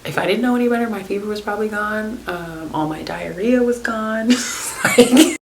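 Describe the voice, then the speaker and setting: A woman's voice: mid-range voice, normal speed, vocal fry. A young woman hosting a wellness podcast, telling a story casually, with many fillers and frequent laughter. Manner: chatty, filler-heavy, laughs often. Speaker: naturopathic podcast host. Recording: roomy, with faint hiss.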